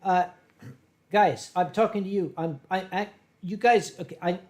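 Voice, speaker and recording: A man hosting a casual podcast chat, loud and joking and swearing freely as he riffs with guests. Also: high-pitched, normal speed, heavy background noise. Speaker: host.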